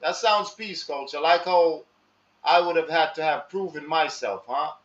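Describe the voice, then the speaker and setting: A man talking casually and slowly to his live audience in street slang, asking viewers for their advice. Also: a little high, fairly even intonation. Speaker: live stream host. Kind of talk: casual monologue to live chat. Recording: echoey room, dull lo-fi sound.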